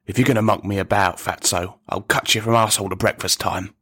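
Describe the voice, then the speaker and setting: A man voicing an unhinged male teacher with a Cockney accent, threatening in quick, clipped bursts. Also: fairly low pitch, steady tone, bright, forceful tone. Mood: menacing.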